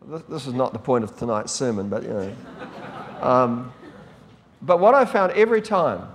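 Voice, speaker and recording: A man's voice: medium pitch, animated, moderate pace, a little hiss or hum. A man preaching a sermon as a pastor, in a conversational, rambling way with frequent restarts. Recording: long hall reverb.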